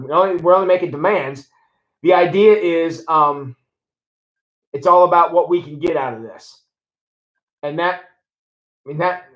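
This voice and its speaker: A man talking as a pastor on a livestream, conversational and animated, reading viewer comments and acting out mock prayers. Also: fairly high pitch, roomy sound, low-quality recording.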